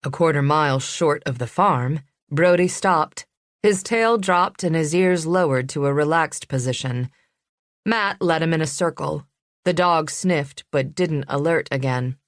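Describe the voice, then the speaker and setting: A woman narrating a suspense audiobook in a measured, even reading. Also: low-pitched, no room sound, clean studio sound. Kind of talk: scripted narration.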